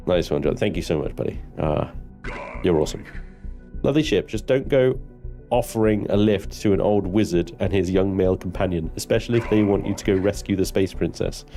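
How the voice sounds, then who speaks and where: A male streamer talks through his game live, joking and swearing with his chat. His voice sits on the low side. Soft music plays quietly underneath. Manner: chatty, swearing, banters with chat. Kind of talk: live gameplay commentary.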